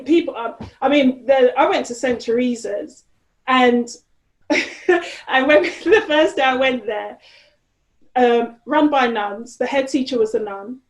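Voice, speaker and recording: Animated woman in an echoey room. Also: a little high. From Nigeria. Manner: animated storytelling with frequent "you know". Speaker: guest. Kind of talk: conversational interview.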